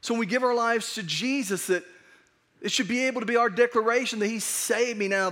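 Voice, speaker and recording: A pastor gives his sermon in a high, light voice. He talks in a conversational, earnest way, stumbling and restarting as he goes. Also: a little fast, a bit bright. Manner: conversational, earnest, with frequent restarts and acted asides.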